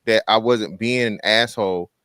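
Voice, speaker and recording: A man's voice: on the low side, normal speed, fairly bright tone, smooth, dry recording. A man on a podcast panel, blunt and provocative, talking over the others in a heated argument. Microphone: studio microphone.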